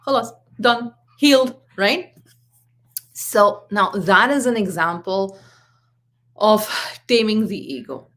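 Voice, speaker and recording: A woman's voice: medium pitch, animated, normal speed, fairly bright tone. A woman in her forties, a parenting coach, giving a live talk and telling stories from home with quoted exchanges. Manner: earnest, storytelling with acted quotes.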